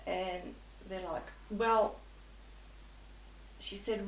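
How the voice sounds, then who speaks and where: A woman's voice: medium pitch, fairly even intonation, slow pace, recorded from a distance, a little hiss or hum. A woman guest telling an anecdote in conversation, animatedly acting out both sides of the dialogue. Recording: echoey room.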